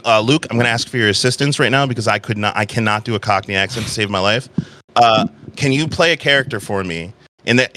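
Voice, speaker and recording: A man narrating as game master of a tabletop game, slow and dramatic in description with casual asides. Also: mid-range voice, pushed and bright.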